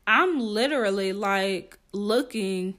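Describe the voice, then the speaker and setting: A young woman spins a story time on her podcast, chatty and animated, her voice sitting at an ordinary middle pitch. She swears freely and keeps calling her listeners honey as she talks. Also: slow. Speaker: podcast host. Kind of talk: casual storytelling.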